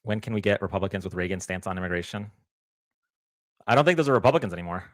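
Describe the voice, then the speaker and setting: A man's voice: low voice, lively intonation, rapid-fire, no room sound, studio quality. A young man co-hosting a casual live stream, hesitant and full of fillers and restarts. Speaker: co-host.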